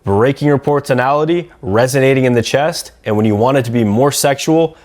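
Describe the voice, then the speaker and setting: A man coaching viewers through voice exercises in a calm, steady instructional talk. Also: medium pitch, brisk, hardly any pauses. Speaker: dating coach.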